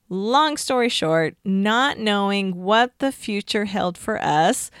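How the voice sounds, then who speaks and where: A middle-aged woman giving a personal faith testimony, telling her story in an earnest, expressive way. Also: medium pitch, no echo, studio quality. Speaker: speaker giving a faith talk.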